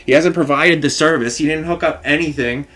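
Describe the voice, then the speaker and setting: A man's voice: on the high side, fairly quick, fairly bright tone. A man venting to camera in a rambling vlog rant, talking in long run-on sentences with lots of filler phrases. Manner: frustrated, run-on storytelling full of filler phrases. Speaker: vlogger.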